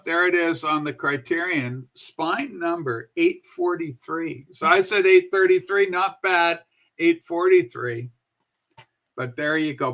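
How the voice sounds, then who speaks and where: A woman's voice: fairly low pitch, fairly bright tone. A woman in her seventies hosting a livestream show, chatting in a rambling, folksy way and swearing casually.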